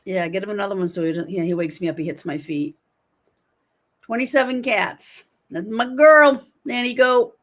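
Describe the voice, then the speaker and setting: A chatty woman in her fifties livestreams from home, talking in a casual, animated way while reading viewer comments aloud and replying to them. Her voice sits at a middle pitch for a woman, and she speaks at normal speed.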